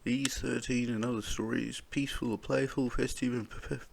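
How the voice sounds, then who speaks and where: A man's voice: mid-range voice, sing-song, normal speed, vocal fry, hardly any pauses, slightly rough. An Australian man reading news stories aloud, breaking off into sweary, angry comments. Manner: swearing, angry outbursts between read lines.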